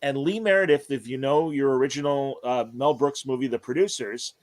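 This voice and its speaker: A man's voice: medium pitch, brisk. A man hosting a casual interview podcast, telling long rambling anecdotes full of fillers. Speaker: podcast host.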